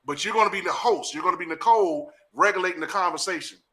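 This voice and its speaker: Animated, bright-voiced D.C. man host. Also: high voice, fast talker. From Washington, D.C. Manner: animated, laughing, coaching and directing others. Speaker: podcast host and acting teacher. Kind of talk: casual podcast chat.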